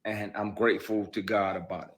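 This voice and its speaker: Husky, low-voiced man speaking with blunt intensity. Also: flat delivery, normal speed. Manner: emphatic and blunt, swears freely. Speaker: actor. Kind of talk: impassioned interview testimony.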